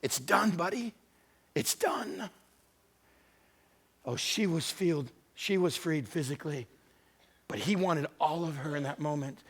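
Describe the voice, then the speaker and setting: Retelling scripture through dramatic storytelling, a male pastor voices its characters, alternating between quiet intimacy and loud emphasis. His voice is a little high and his pace moderate.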